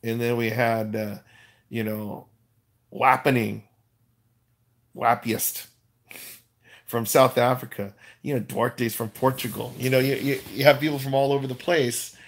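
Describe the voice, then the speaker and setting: A man's voice: mid-range voice, steady tone, a little slow, long pauses. A Korean man hosting a casual livestream, rambling with many fillers and restarts and laughing at himself. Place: Los Angeles.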